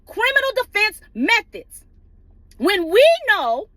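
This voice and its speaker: A woman's voice: extremely high pitch, pushed and bright, no room sound. A woman ranting passionately in her car, swearing freely and firing off rhetorical questions. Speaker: vlogger ranting on legal news. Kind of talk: impassioned rant.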